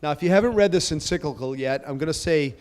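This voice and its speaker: A man's voice: fairly high pitch, fast, darkish tone. A man serving as parish pastor welcomes a gathering and introduces panelists in a chatty, rambling, self-joking way, with many fillers. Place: church or parish hall. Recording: long echoey hall reverb.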